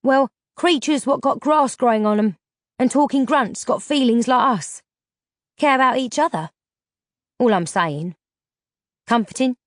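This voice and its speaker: A woman's voice: a little high, measured pace, long pauses, dry recording, clean studio sound, pitched above the performer's own voice, lightly acted. Woman doing a blunt, rustic young man. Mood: musing. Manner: broad country dialect, plain-spoken.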